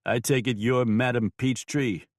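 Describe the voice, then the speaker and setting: A man voicing a tough, blunt new sheriff in an audiobook, curt and flat in delivery. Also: mid-range voice, a little slow, dry recording, clean studio sound, close to an everyday voice. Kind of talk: audiobook character voice.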